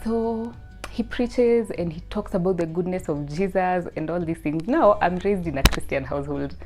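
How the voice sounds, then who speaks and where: A young woman, casually telling her personal faith testimony in a chatty, lively way. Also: on the low side, moderate pace, soft background music. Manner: chatty, lots of "like", lively, rising to loud excited bursts. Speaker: student sharing her testimony.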